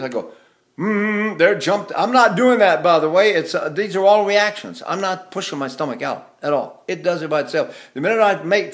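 An older man teaching voice, his speaking tone sitting a little high for a man. He talks in a relaxed, folksy manner and keeps stopping to hum or sing short syllables to show what he means. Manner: demonstrates hums and sung syllables mid-explanation; chatty, folksy asides. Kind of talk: vocal lesson with demonstrations.

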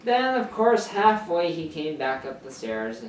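A man's voice: mid-range voice, normal speed, hardly any pauses, a little hiss or hum. A man casually reading a fan story aloud in a rambling way, often stumbling and correcting himself, sitting far from his camera's mic. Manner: rambling, filler-heavy, self-correcting. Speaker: channel host reading a story. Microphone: camera mic far from speaker. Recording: echoey room, far from mic.

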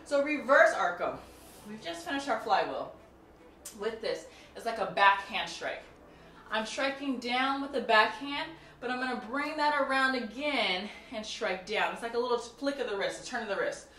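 A woman's voice: on the high side, normal speed, a bit bright, a little hiss or hum. Brief: woman instructor counting drills, echoey room, mic at a distance. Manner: counts out moves and cues students; chatty, laughs and jokes with viewers. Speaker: martial arts instructor. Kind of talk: instructional tutorial.

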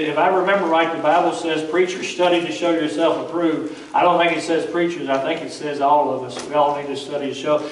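A man delivers a sermon in a fairly high voice, retelling scripture in a folksy, conversational way. He stands some distance from the microphone, and his words ring around an echoey church sanctuary. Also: slight background noise. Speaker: preacher.

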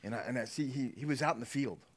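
A man preaching a sermon as pastor, animated, swinging between hushed asides and loud exclamations. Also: mid-range voice, quick pace.

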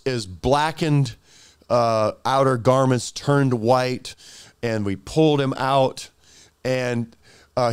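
Male pastor, animated sermon storytelling, smooth voice, dry close sound. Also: medium pitch, no room sound.

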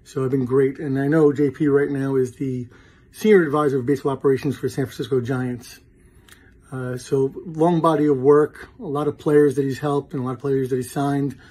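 A man's voice: medium pitch, fairly even intonation, brisk, warm tone, breathy edge. A man presenting an award over a video call, reading through a career summary with occasional fillers.

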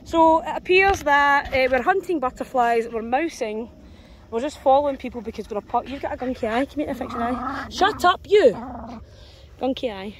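A woman's voice: sits high, brisk, slight background noise. A woman chatting casually to her dogs and camera while walking them in a field, self-mocking and rambling. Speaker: dog walker vlogger. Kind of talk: casual vlog chat. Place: outdoors in a field.

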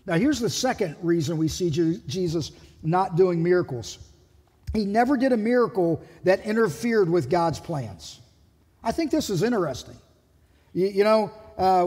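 A man preaching a sermon as pastor, animated and acting out the people he quotes. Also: high voice, husky, long reverb tail. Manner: animated, acts out quoted voices. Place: church sanctuary.

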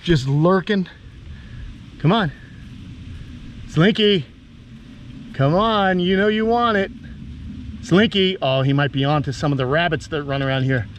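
A man vlogging outdoors, coaxing a big lizard along in a sing-song voice and talking excitedly to his viewers. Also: fairly high pitch, a little slow, long pauses, highs cut off, slight background noise. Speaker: reptile keeper vlogger. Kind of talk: excited outdoor vlog narration. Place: outdoors on a property.

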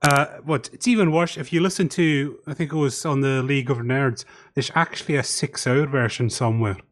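A man's voice: medium pitch, steady tone, brisk. A man hosting a casual podcast commentary. He talks over an online call and steers the group. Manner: chatty, organizes the talk and guides the others. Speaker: podcast host.

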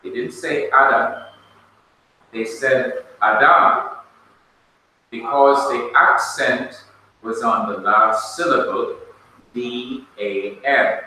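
A man with a Jamaican accent teaching a classroom lesson, slow and patient, spelling words out letter by letter. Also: medium pitch, steady tone, bright, forceful tone. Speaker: Bible college teacher. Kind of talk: classroom lecture. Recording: echoey room, distant mic, faint noise.

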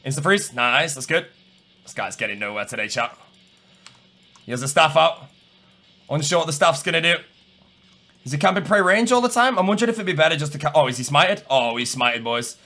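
A young man giving live gameplay commentary, chatting to his viewers, calm and muttering one moment and shouting the next. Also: on the high side, fairly quick, long pauses. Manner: chatty, talks to viewers and opponents. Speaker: gaming streamer.

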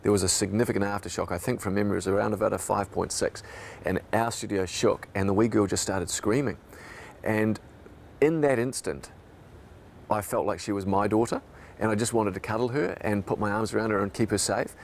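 A man's voice: fairly low pitch, a little fast, vocal fry, slight background noise. A New Zealand man, a radio host, recalling events in a reflective, emotional documentary interview.

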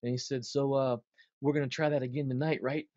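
A man's voice: medium pitch, brisk, no echo. A man tells a stage story as an interview guest, acting out the other voices as he goes. His voice sits in the middle range. The sound is dry and a little dull. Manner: animated storyteller, acts out quotes.

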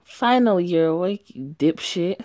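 A woman's voice: fairly low pitch, animated, normal speed, darkish tone, no room sound, clean studio sound, close to an everyday voice. A woman voicing a protective teenage boy who scolds and swears out of worry. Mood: scolding.

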